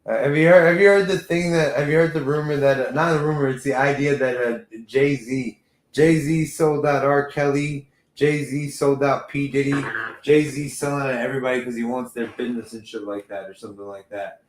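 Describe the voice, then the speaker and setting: A man's voice: medium pitch, steady tone, normal speed, echoey room. A man from Texas in his thirties, rambling and swearing through a casual chat as a podcast host. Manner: rambling, profane, repeats himself.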